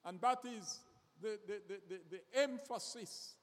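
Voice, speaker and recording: A man preaching a sermon slowly and deliberately, often repeating words as he searches for the next one. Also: sits high. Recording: long reverb of a hall.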